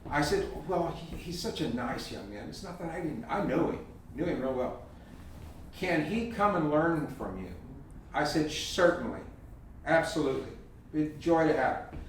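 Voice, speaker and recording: A man telling a lively, folksy story in a talk, acting out the voices of the people in it. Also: a little high, moderate pace, slight background noise. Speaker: speaker giving a talk. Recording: echoey hall, heard from a distance.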